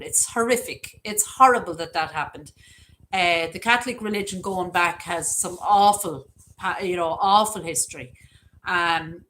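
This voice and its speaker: A middle-aged Irish woman with a fairly low voice hosts a casual live stream. She chats and reads viewer comments aloud. A faint background noise hums under her voice. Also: fairly bright tone, low-quality recording. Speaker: livestream host.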